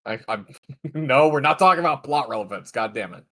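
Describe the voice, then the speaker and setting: A woman's voice: very deep voice, lively intonation, fairly quick. A woman co-streaming a story game, teasing her friend, laughing often, and reading a judge's lines aloud.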